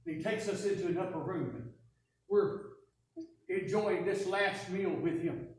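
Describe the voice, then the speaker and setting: A woman preaching a first-person dramatic sermon, telling the story in an animated, wry way. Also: on the low side, measured pace. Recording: echoey church from a distance.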